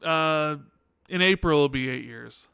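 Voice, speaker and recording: Male podcast host, sarcastic and chatty, gravelly edge, dry close sound. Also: a little high, a little slow, bright, forceful tone, no echo. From United States. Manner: joking, sarcastic, with frequent restarts. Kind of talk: casual chat.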